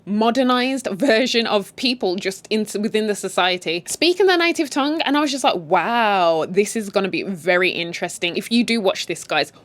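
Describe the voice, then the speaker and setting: A woman's voice: mid-range voice, expressive, moderate pace, hardly any pauses, no room sound. A British woman from the UK casually retelling a drama series, chatty and blunt, slipping into quotes and swearing. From United Kingdom. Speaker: series recap host.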